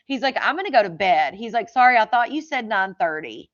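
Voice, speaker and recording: A woman's voice: on the high side, very animated, brisk, few pauses, a bit bright. A woman chatting casually about a true crime case, reading out text messages with lots of "like" and incredulous asides. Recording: slightly dull lo-fi audio.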